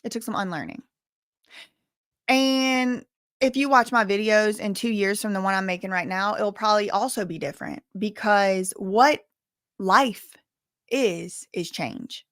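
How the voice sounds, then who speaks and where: A woman's voice: medium pitch, a little slow, fairly bright tone, no echo. Candid Southern woman YouTuber, dry close sound. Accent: Southern US, softened. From US South, bayou country. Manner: candid, emphatic, repeats words for stress. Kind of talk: casual storytelling to camera.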